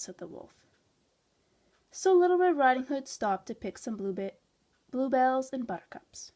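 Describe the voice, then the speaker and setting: A woman's voice: high-pitched, big pitch swings, measured pace, pauses often, warm tone. Woman reading a children's storybook aloud. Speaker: storybook reader.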